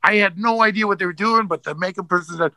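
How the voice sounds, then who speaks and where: A man's voice: high voice, quick pace, sharp tone, dry recording, low-quality recording. A man, an actor, telling stories as a guest in a casual interview, rambling with many fillers and restarts.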